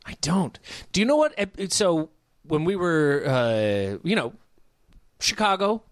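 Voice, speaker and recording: Lively, slightly high-voiced wry man. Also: no echo, clean studio sound. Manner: wry, animated, quick asides. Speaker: podcast co-host. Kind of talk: casual chat.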